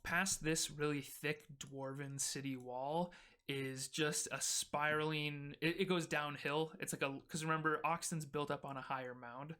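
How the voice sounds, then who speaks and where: A man runs a homebrew tabletop adventure as game master, narrating in a loose, casual way with plenty of fillers. His voice sits a little high, bright and crisp. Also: fairly even intonation, unhurried.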